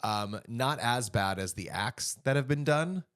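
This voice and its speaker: A man's voice: mid-range voice, unhurried, clear, resonant tone. A man co-hosting a podcast in casual chat, telling stories with frequent asides. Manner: animated storytelling with frequent asides. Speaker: podcast co-host.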